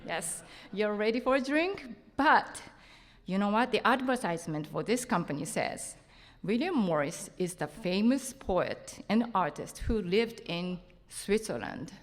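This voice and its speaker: Japanese-accented woman, slow, chatty conference speaker, big reverberant hall. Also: mid-range voice, lively intonation. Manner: chatty, self-joking, laughs often. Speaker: seminar speaker. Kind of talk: conference talk.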